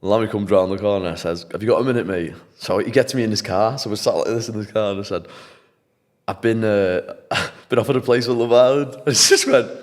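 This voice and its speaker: A young man from England, a podcast guest, telling a story in an animated, casual, slangy way and swearing freely. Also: fairly low pitch, brisk. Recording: long hall reverb.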